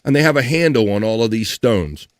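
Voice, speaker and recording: A man hosting a casual live stream, chatting in a jokey, animated way and mimicking others. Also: medium pitch, a little fast, no echo, studio quality. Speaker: host.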